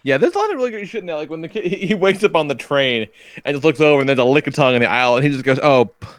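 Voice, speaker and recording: Middle-aged male podcast host, storyteller, laughs a lot, animated pitch, dry close mic. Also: rapid-fire, no echo. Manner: profane, storytelling, laughing often. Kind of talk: casual chat.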